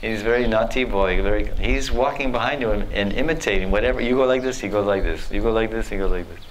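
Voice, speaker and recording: A man's voice: fairly low pitch, fast, slight background noise, natural voice, low-quality recording. A man voicing a young male student who eagerly tells his teacher about a prankster boy. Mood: urgent. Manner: urgent, repetitive tattling.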